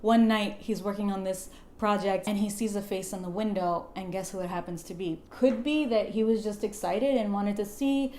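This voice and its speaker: A young woman retelling a gothic novel as a comedy, in a profane, slangy, deadpan way. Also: mid-range voice, slight background noise. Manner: profane, slangy, deadpan storytelling with quick paraphrased quotes. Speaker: video host retelling a novel. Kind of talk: irreverent comedic book summary.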